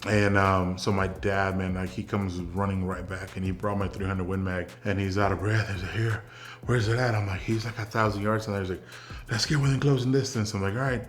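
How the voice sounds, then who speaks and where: Low-voiced man telling relaxed war and hunting stories. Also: brisk, few pauses. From South Texas. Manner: relaxed, rambling anecdotes with many fillers. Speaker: interview guest, military veteran. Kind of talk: casual interview storytelling.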